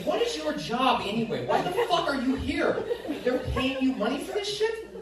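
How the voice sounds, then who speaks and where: A man's voice: on the high side, very echoey, distant mic, background noise. A man doing stand-up, telling a profane, exasperated story from a comedy club stage. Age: adult parent. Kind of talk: stand-up set.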